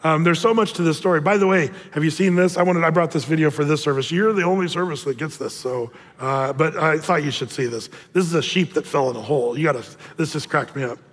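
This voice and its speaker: Speaking fast with few pauses, a pastor with a slightly high voice delivers a casual sermon, and a long reverb tail trails off his words. He jokes through his stories in the church auditorium, frequently starting over mid-sentence.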